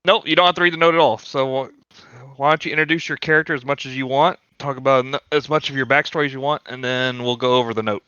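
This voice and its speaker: A man narrating as dungeon master in a tabletop game over voice chat, easygoing and quick-talking. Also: medium pitch, fairly even intonation, bright, forceful tone, clear, resonant tone, no room sound. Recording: dull dry voice-chat mic.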